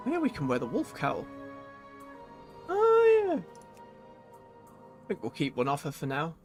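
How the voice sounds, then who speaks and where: Brief: male game streamer, slightly high voice, relaxed running commentary, faint music behind. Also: takes it slowly. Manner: chatty, thinks aloud, self-correcting.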